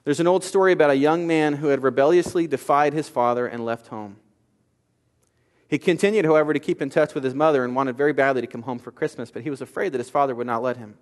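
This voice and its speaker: A man, a pastor, delivering a sermon, moving between forceful declarations and quiet storytelling. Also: medium pitch, quick pace, in a large hall. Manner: emphatic, swings from loud declarations to soft storytelling.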